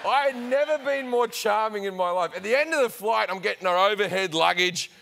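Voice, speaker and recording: A man with an Australian accent, a comedian telling an animated anecdote on a talk show. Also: sits high, fairly quick, vocal fry, a little hiss or hum. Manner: animated storytelling, acting out voices. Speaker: comedian guest.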